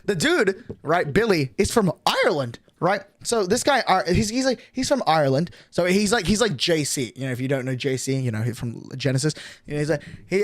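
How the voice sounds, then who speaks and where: A man's voice: fairly high pitch, fairly quick, no echo. A young man, casually telling a rambling story to his stream chat and tagging lines with "right?". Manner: animated, rambling, with frequent "right?".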